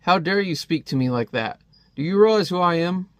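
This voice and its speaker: A man's voice: sits high, animated, a little fast, a bit bright, smooth, dry recording, pitched above the performer's own voice. A man reading the lines of a vain, cruel male security chief from a comic, indignant and blustering. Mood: arrogant.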